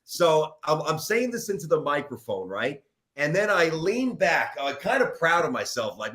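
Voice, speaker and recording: Middle-aged man, sports radio host, higher voice, lively swooping pitch, rambling self-mocking storyteller. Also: normal speed. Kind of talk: storytelling in a podcast interview.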